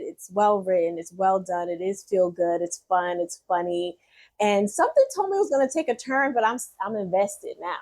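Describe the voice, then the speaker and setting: A woman's voice: mid-range voice, moderate pace. Candid chatty woman vlogger. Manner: candid and chatty, with frequent fillers and soft laughs. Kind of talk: reflective personal storytelling.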